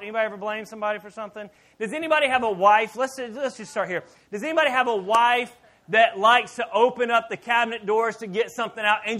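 A man preaching a sermon in church as pastor, animated and joking with the congregation. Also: high voice.

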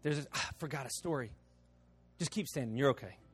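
A middle-aged man preaching a sermon, telling stories with many restarts and repeated words. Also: mid-range voice. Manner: alternates lively story passages with quiet, slow appeals. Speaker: pastor.

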